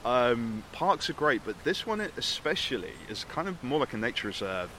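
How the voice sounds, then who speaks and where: A man hosting a podcast in a relaxed, chatty, jokey way. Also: medium pitch, normal speed, a little hiss or hum. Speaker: podcast host. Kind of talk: casual podcast chat.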